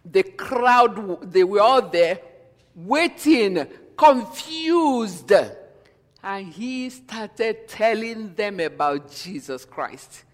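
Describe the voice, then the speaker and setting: A man preaching a sermon as pastor, storytelling that swings between hushed and emphatic. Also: sits high, animated, very slow. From Nigeria. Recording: long hall reverb.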